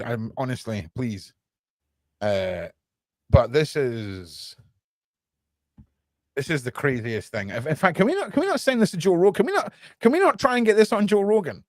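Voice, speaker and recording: Excitable man, lively voice. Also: fairly high pitch, no room sound. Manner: excitable, mocking, sarcastic, slangy. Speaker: podcast host. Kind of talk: casual livestream chat.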